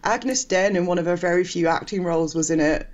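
A man's voice: sits high, brisk, highs cut off. This is a chatty man talking casually on a podcast, laughing often as he rambles through a film review. His delivery is loose and full of fillers. He has an easy, conversational flow. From England. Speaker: podcast co-host. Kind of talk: casual chat.

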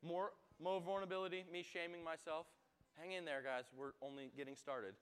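A young man giving a youth sermon, telling a self-mocking personal story in a lively, joking way. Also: a little high, brisk, smooth. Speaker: youth speaker.

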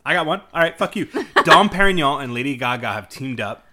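A man co-hosts a casual chat podcast, bright and forceful in tone. He tells stories with animated energy, swears often, and slips into mock-angry outbursts. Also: medium pitch, a little fast. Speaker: podcast co-host.

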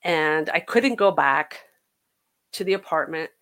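Gravelly-voiced woman telling her story. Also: low-pitched, lively intonation, fairly bright tone. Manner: halting, earnest, many restarts and fillers. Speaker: podcast guest. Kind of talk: personal recovery story told in conversation.

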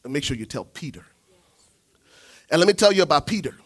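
A man preaching a sermon, telling the story dramatically, swinging from shouts to hushed asides. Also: a little high, big pitch swings, fairly quick, long pauses.

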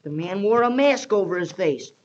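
A woman's voice: medium pitch, animated, normal speed, lightly acted. A performer in a 1930s radio drama playing Joe, an eager, earnest boy who talks in a folksy way with frequent "shucks". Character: eager earnest boy, Annie's loyal pal. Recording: dull lo-fi 1930s radio recording.

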